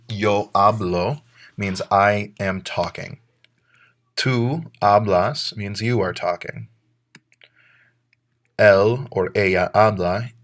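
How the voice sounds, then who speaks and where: A deep-voiced man narrates a recorded grammar lesson as a Spanish teacher. He moves methodically through verb endings, spelling out letters and pairing each example with its translation.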